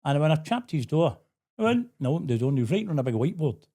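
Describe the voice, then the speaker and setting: A man's voice: a little high, very animated, very fast, warm tone. A man hosting a casual interview, chatty and quoting others in his anecdotes. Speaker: host.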